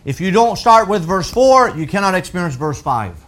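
Pastor guy preaching, pretty high voice, gets loud then drops real soft. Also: big pitch swings. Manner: emphatic preaching that rises to shouts and drops to soft lows; quotes scripture in a slow, deliberate voice. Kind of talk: sermon.

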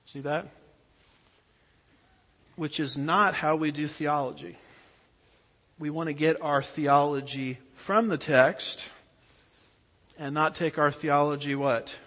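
A man preaching an expository Bible lesson, pausing to ask his listeners to fill in the blanks. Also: on the high side, steady tone, fairly bright tone. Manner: asks the audience fill-in-the-blank questions. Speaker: pastor teaching a Bible class. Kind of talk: expository sermon lecture. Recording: dull audio with long hall reverb.

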